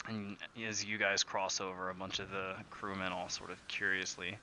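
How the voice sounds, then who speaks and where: A man narrating a tabletop game as game master, relaxed and full of fillers. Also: low-pitched, moderate pace, a little hiss or hum.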